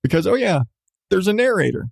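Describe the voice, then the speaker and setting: A man's voice: high voice, sing-song, a little fast, creaky, husky, no room sound, studio quality. A male podcast host in casual chat, enthusiastic about what he reviews, laughing often and restarting his sentences.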